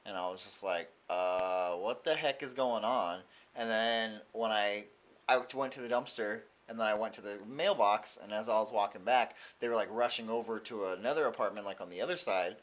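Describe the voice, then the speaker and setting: A man's voice: fairly low pitch, a little fast. A young man talking casually in a daily vlog, telling stories and acting out what people said. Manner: chatty, animated quoting of others. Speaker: vlogger.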